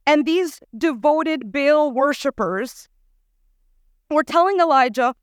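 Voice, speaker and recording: A young woman giving a casual, storytelling youth sermon as a guest speaker, chatty and animated. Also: sits high, slow, no room sound, studio quality.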